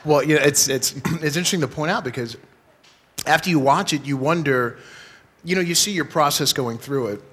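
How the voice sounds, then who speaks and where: A man moderating a live stage interview before an audience, relaxed and joking, with brief encouraging replies. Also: fairly high pitch, fairly quick, breathy edge.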